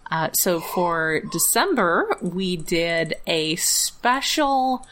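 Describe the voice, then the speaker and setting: A woman co-hosting a podcast in casual chat, talkative and quick to laugh, often restarting her sentences. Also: lowish voice, very animated, a bit bright, slight background noise. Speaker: podcast co-host.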